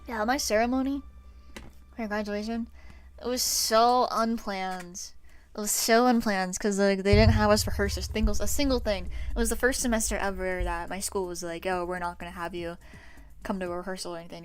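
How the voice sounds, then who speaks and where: A woman in her twenties chats loosely with her viewers in an ordinary mid-range voice, swearing freely and breaking into laughter often. Soft music plays faintly behind her. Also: medium pitch, smooth. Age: 20s. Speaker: livestreamer. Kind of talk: casual chat with stream viewers.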